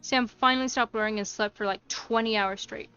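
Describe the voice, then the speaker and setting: A woman's voice: fairly high pitch, steady tone, fairly quick, sharp tone, clear, resonant tone, dull audio. A woman reading a flustered, chatty young bride-to-be from a game. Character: nervous young bride-to-be planning a DIY wedding. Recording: faint music behind.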